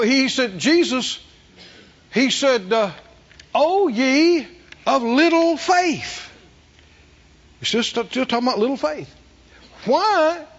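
Preacher man, real high lively voice, folksy, dull lo-fi sermon tape. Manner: animated, folksy storytelling with rhetorical questions to the congregation. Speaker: pastor.

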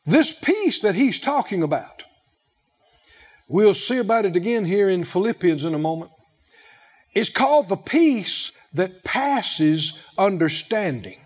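A man's voice: sits high, big pitch swings. A man preaching a sermon, drawing out his phrases and firing questions at the congregation. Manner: emphatic, drawn-out phrasing with questions to the audience; plays out little acted dialogues.

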